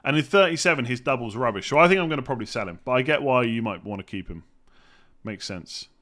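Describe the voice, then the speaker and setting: A young man from England chats through a live Q&A, wandering between half-finished thoughts. His voice is bright and forward, and his pitch sits right in the middle. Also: animated, fast talker. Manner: rambling, thinks aloud, hums while reading. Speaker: fantasy football streamer. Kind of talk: live stream Q&A.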